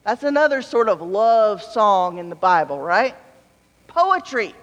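A man's voice: sits high, very animated, unhurried, a bit bright, muffled recording. A man preaching a sermon in a conversational way, mixing playful asides with scripture read aloud. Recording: long reverb of a large hall.

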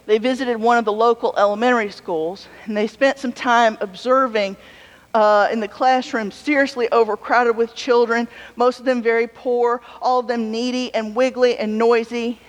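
A woman preacher giving a sermon in a relaxed, conversational way, telling stories with humorous asides. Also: on the high side. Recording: long hall reverb.

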